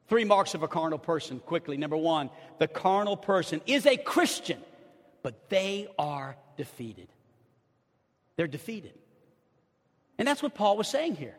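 A middle-aged man preaching a sermon as pastor, impassioned, swinging between loud outbursts and hushed asides, with stammered restarts. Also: high-pitched, big pitch swings, unhurried, pauses often. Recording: long hall reverb.

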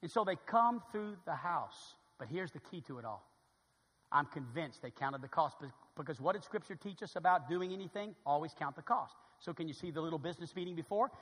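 A man preaching a sermon in a church, dramatic and animated, acting out little scenes and swinging between loud exclamations and hushed asides. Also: on the high side, a little fast, husky. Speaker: pastor. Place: church sanctuary. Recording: hall reverb.

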